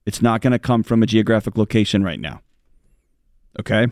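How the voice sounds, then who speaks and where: A man's voice: lowish voice, lively intonation, brisk, a little mellow, no echo. Male co-host, earnest and pleading, dry close mic, radio advice show. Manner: earnest, pleading, joking asides. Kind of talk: radio call-in advice talk.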